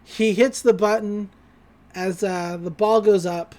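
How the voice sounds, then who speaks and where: A podcast co-host recapping a cartoon episode in casual chat, bouncing into quick character voices as the scenes are retold. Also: mid-range voice, fairly even intonation, mellow.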